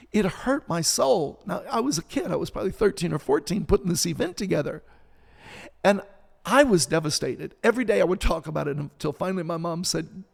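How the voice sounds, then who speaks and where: A man's voice: fairly high pitch, lively intonation, brisk, gravelly, big-room sound. A man in his sixties, a pastor, preaching with passion on a podcast and building emphasis through repetition. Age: 60s. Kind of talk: sermon-style podcast talk.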